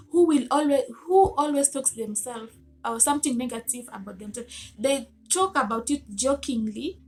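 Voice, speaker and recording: A woman giving a motivational self-help talk to camera, earnest and coaxing, asking her listeners many rhetorical questions. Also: fairly high pitch.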